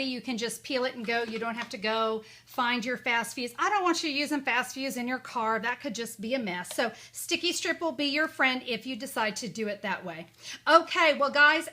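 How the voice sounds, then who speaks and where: Chatty, upbeat woman with a high, bright voice, walking viewers through a crafting tutorial. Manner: chatty and upbeat, with playful asides. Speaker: crafting demonstrator.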